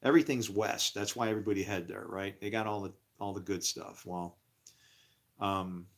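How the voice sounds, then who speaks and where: Middle-aged male storyteller, lively and loud, jumps into high voices for other people, casual and rough-spoken. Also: normal speed. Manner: animated, acts out other people's voices in a raised pitch.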